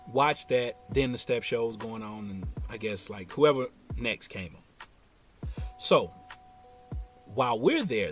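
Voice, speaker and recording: Lively laid-back male storyteller. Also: mid-range voice. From Ohio. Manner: laid-back, slangy, talks straight to listeners. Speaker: podcast host. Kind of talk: casual storytelling.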